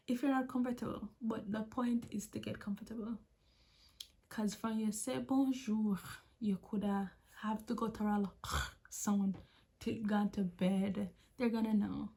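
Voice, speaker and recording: Husky Jamaican woman giving chatty advice. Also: on the high side, steady tone, measured pace, dark tone. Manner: chatty, emphatic, repeats key advice. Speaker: vlogger. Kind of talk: casual advice vlog.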